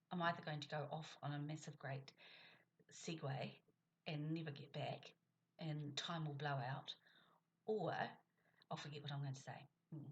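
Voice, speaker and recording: Low-voiced chatty woman. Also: a little hiss or hum. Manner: chatty, demonstrates stressed words with rising emphasis. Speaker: speech and communication coach and author. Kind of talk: casual vlog talk.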